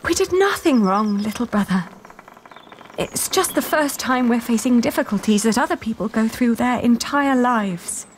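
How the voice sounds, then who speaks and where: A woman's voice: a little high, lively intonation, normal speed, a little hiss or hum, lightly acted. An actress playing a resourceful young noblewoman who talks in an earnest, persuasive and reassuring way in a video game. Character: young noblewoman, resourceful and determined older sister.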